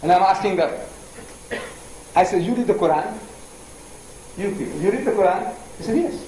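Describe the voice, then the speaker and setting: A man's voice: sits high, expressive, moderate pace, mellow, echoey room, a little hiss or hum, low-quality recording. An older man from India giving a public religious lecture, telling stories with animation and putting pointed questions to his audience. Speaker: preacher.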